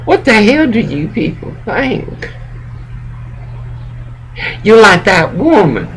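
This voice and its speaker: A man's voice: high voice, big pitch swings, slow pace, slight background noise, rough recording. A man who is a pastor, giving a rambling, profane preaching rant as he lectures someone directly.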